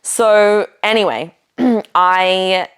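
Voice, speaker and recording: A woman's voice: medium pitch, extremely slow, fairly bright tone, clean tone. A woman podcast host casually telling a personal story, chatty, with lots of "like" and "you know" and the odd swear.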